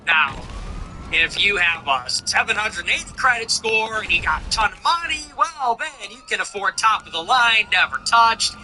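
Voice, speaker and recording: A male livestream host who rambles and mocks, swearing freely. His voice is high and very bright, with a forceful, sharp edge. He talks in a loose, casual way. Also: animated, normal speed, rough recording. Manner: mocking, rambling, profane.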